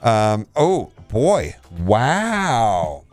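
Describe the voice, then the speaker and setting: Blunt, animated male game reviewer. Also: medium pitch, extremely slow, no room sound, faint music behind. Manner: blunt, animated verdicts with laughs. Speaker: game channel host reviewing store offers. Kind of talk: casual commentary.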